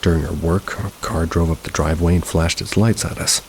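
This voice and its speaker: A man narrating a first-person paranormal story in a steady, low-key manner. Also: a little fast, slight background noise, low-quality recording. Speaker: narrator of submitted paranormal stories.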